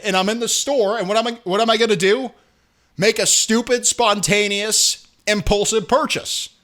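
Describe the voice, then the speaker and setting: Brief: sports talk host, man, high and bright voice, animated and sarcastic. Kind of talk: opinionated sports commentary.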